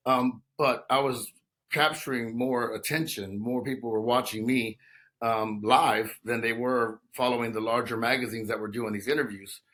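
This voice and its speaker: A man's voice: medium pitch, steady tone, normal speed, a bit bright. A man in his fifties from Texas, a guest telling his story in a conversational interview, talking in long runs with many restarts and "you know" fillers. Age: 50s.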